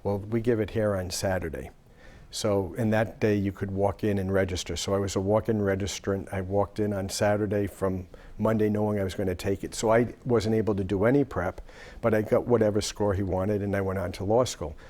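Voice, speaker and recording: A man's voice: fairly low pitch, a little fast. Older man telling long stories. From Rhode Island. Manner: relaxed anecdotal talk with fillers. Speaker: lawyer and guest. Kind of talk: storytelling interview answers.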